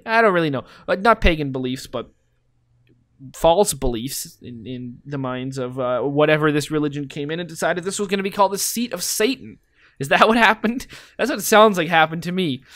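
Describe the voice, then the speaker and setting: A man thinks aloud over a geography game in a loose, wandering way, asking himself playful questions. His voice sits a little high. The recording is dry and close, with no room sound. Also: a little fast, fairly bright tone, no room sound. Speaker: game commentator. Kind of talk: casual let's-play commentary.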